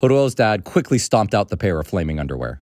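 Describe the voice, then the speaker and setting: A man narrates a children's story in a low voice. His reading swings widely and expressively in pitch. The sound is close and dry. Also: sing-song, fairly quick, darkish tone, dry recording.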